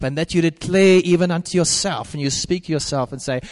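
Man, preacher, emphatic rhythmic sermon delivery, slightly high voice, long hall reverb. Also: brisk.

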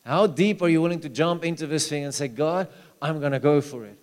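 A man preaching a sermon, telling stories, with loud urging that drops to low, hushed asides. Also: a little fast. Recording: long hall reverb.

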